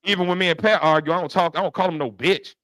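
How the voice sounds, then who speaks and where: A man's voice: sits high, quick pace, dry recording. A man co-hosting a podcast in heated casual chat, speaking in a needling way and arguing point by point. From United States. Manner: needling, lively, argues on points. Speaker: podcast co-host.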